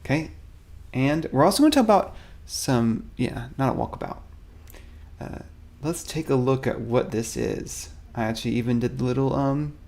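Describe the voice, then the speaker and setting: A man with a gravelly, creaky edge to his mid-pitched voice hosts a casual weekly update for a miniatures studio. He rambles cheerfully, greets viewers by name and pokes fun at himself as he shows off new models. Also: a little mellow. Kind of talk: casual product showcase, chatting to live viewers.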